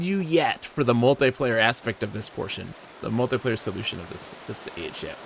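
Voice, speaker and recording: Gravelly man streaming a game. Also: medium pitch, expressive, brisk, background noise. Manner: thinks aloud while playing, chatty with a co-player. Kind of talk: live gameplay commentary.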